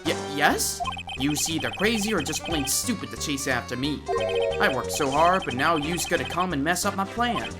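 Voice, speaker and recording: A woman voicing a loud, rough-talking middle-aged mob boss in a game playthrough, using slangy threats. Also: low voice, lively intonation, normal speed, loud music behind the voice. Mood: blustering.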